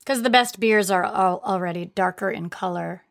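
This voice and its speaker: A woman co-hosting a comedy podcast, playful and quick to laugh. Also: medium pitch, vocal fry, no echo, clean studio sound. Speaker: podcast co-host. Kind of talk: casual comedic chat.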